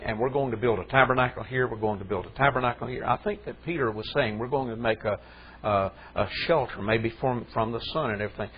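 A man's voice: mid-range voice, highs cut off, slight background noise. A man preaching a sermon in a conversational way that rises into fervent emphasis.

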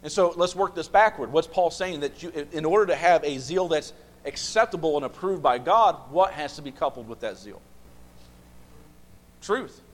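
A man's voice: a little high, expressive, normal speed. A man leading a Bible study, asking the group questions and repeating phrases for emphasis. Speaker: Bible class teacher.

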